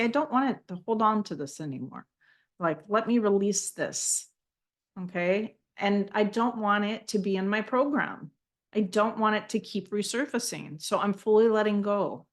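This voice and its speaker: A woman channeling messages for people in a live intuitive reading, speaking gently and heartfelt, often moved to emotion. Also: normal speed. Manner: speaks in flowing, high, invented-sounding syllables at times. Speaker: spiritual channeler giving readings.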